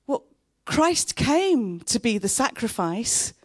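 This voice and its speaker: A woman, preaching a sermon in an earnest, heartfelt way and pausing between phrases. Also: a little high, very animated, dry recording, studio quality. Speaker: pastor. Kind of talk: sermon with personal story.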